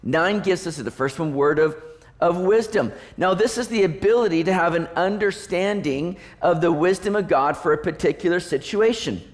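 A male pastor with a rather high voice delivers a sermon in a loose, conversational manner. He keeps checking in with the congregation through rhetorical questions. He often trips over a word and restarts before pressing on. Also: moderate pace.

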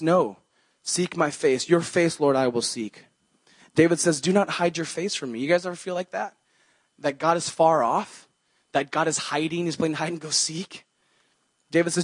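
A man's voice: on the high side, normal speed, no room sound. A young man preaching a sermon as a pastor, in an earnest, conversational way, quoting scripture as he goes.

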